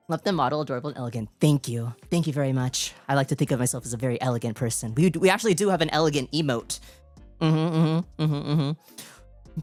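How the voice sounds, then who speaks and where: A woman with a low, dusky speaking voice chats on a live stream. She is giggly, excitable and playful, talking close into a desk mic, with faint music underneath. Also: no echo. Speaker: VTuber streamer. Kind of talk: casual live-stream chat.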